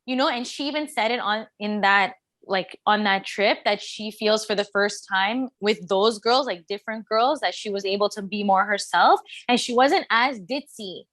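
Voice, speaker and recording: A woman's voice: mid-range voice, moderate pace, hardly any pauses, fairly bright tone, no echo. A woman guest on a podcast in casual chat, giving her opinions emphatically and restarting her sentences now and then.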